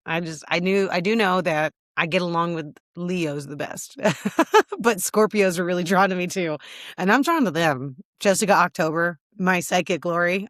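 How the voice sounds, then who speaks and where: A woman's voice: fairly low pitch, a bit bright, no echo, clean studio sound. A woman hosting her podcast, talking candidly and casually with lots of fillers, a little teary. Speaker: podcast host. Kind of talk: casual solo video check-in.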